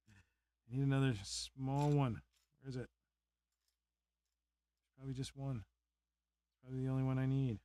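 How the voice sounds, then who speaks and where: A man's voice: medium pitch, flat delivery, unhurried, pauses often, dark tone, smooth, dry recording. A young man on a casual live stream, chatting in a laid-back way, chuckling often and muttering to himself as he builds a model.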